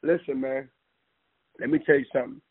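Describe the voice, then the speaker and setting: A man's voice: mid-range voice, fairly even intonation, fairly quick, husky. A man talking with passion, rambling and emphatic, often calling the listener "man". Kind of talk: impassioned casual talk. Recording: tinny phone-line audio.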